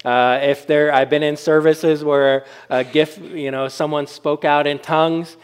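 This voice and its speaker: A man's voice: a little high, level tone, measured pace, clean tone. A man preaching a sermon as pastor, in a conversational style with frequent fillers and check-ins with the congregation.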